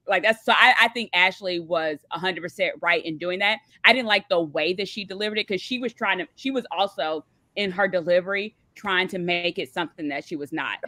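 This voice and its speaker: A woman calling into a live discussion show, giving blunt, animated opinions and acting out what people said. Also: medium pitch, brisk, no echo. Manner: animated, blunt, acts out quotes. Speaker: caller. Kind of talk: casual opinionated chat.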